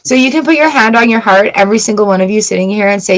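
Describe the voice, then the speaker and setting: A woman's voice: medium pitch, rapid-fire. A woman from Canada giving a live-streamed tarot reading, chatty and affirming, greeting viewers by name as she talks. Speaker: tarot reader.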